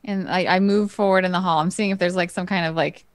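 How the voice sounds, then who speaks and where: A woman's voice: lowish voice, fairly even intonation, quick pace, no room sound, clean studio sound. A woman playing a tabletop game, talking casually with hesitant fillers. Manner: hesitant, lots of fillers and hedging. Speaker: player.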